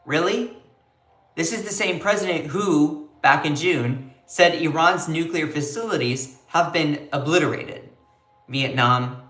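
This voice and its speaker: A man's voice: medium pitch, pushed and bright, reverberant. A man hosting a live political commentary stream, emphatic and prone to repeating phrases.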